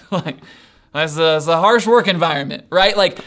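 A man preaching a casual sermon, retelling a story in an animated, conversational way and often checking in with his listeners. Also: on the high side, moderate pace.

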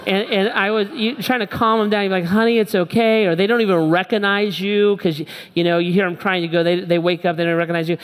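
A middle-aged man preaching in a large church auditorium, the sound carrying a long reverb from the hall. His voice sits on the higher side for a man, and he tells his stories with animation, acting out the people he quotes. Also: steady tone, fast talker, hardly any pauses, clean tone. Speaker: pastor. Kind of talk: sermon.

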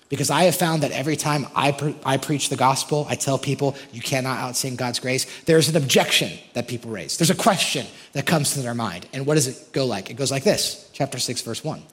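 A male pastor preaches with lively, animated delivery. He talks straight to his congregation with frequent questions and lifts his voice sharply on quoted verses. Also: mid-range voice, long reverb tail. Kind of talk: sermon.

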